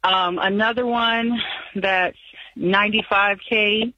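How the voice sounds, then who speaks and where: A woman's voice: medium pitch, steady tone, takes it slowly, dry recording. A woman calling in to an advice show, anxious and rambling as she lists her debts. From San Diego. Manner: anxious, rambling, nervous laughs. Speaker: caller. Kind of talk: phone-in call. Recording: dull phone line.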